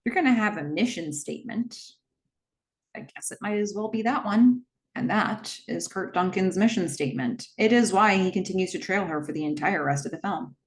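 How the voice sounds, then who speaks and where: A woman casually retelling a horror film scene by scene, dropping her voice to quote the characters' dialogue. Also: mid-range voice. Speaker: movie recap host. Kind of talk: casual film recap narration.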